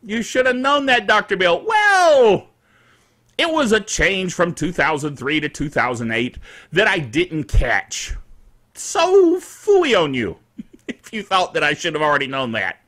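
A middle-aged man hosting a tech show, chatting casually about news and software with playful jokes and frequent laughs. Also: a little high, huge pitch swings, slow. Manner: playful, laughs often, jokey asides. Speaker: tech podcast host.

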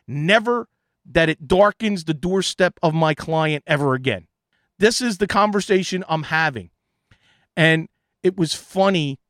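A man's voice: on the high side, no room sound, clean studio sound. A man, an IT consultant, telling an exasperated story in a casual monologue.

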